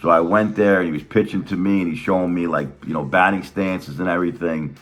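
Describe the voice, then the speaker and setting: A middle-aged man telling a childhood story in a casual, animated way, swearing a lot and acting out the other people's voices. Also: deep voice, fast talker.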